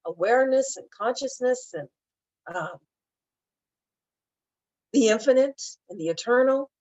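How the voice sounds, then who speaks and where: A middle-aged woman speaking as a spiritual teacher, talking gently and emotionally about grief and often repeating her phrases. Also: fairly high pitch, no echo, dull audio. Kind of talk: heartfelt talk on grief.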